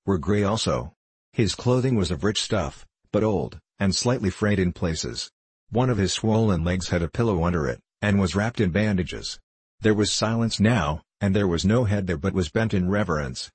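Low husky male storyteller. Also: dry recording, low-quality recording. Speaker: narrator. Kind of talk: audiobook narration.

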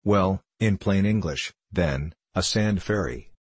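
A man voicing a grumpy, ancient male sand fairy with a dry husky voice, speaking crossly and scornfully in a storybook reading. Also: sits low, slow pace, dry recording, exaggerated voice.

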